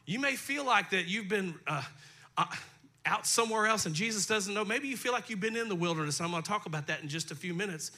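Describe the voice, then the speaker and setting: Male pastor, folksy conversational sermon, high voice, very bright and forceful tone, dry throat. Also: lively intonation, fast talker. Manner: folksy, conversational preaching with asides to the congregation. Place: church sanctuary.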